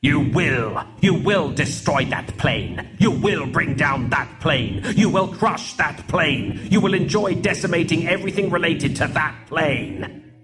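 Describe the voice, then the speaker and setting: A man voicing a commanding male voice inside a character's head, giving slow, imperious orders for an audiobook. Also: on the high side, sing-song, loud music behind the voice.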